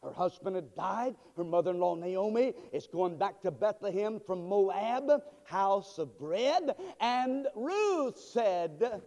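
A man preaching a sermon as pastor, moving between quiet asides and shouted, fervent appeals. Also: high-pitched, animated, slow pace. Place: church sanctuary. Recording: long church hall reverb.

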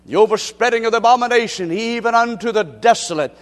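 A man preaching a sermon as pastor, emphatic, repeating phrases and rising to shouts in a church sanctuary. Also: extremely high pitch, quick pace. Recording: long hall reverb.

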